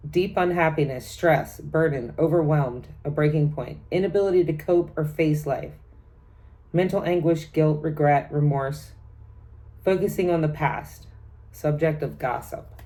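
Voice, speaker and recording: A chatty middle-aged woman talks through a tarot spread for her viewers. Her voice sits low, and she rattles off each card's meanings in long lists, breaking into laughs between them. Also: darkish tone. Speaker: tarot reader. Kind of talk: casual tarot reading vlog.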